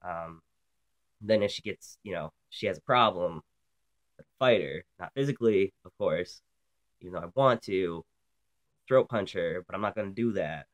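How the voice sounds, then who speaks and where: A man's voice: sits low, normal speed, long pauses. A young man from Canada, hosting a casual vlog while sick, talking bluntly and profanely with lots of ums. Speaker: vlog host.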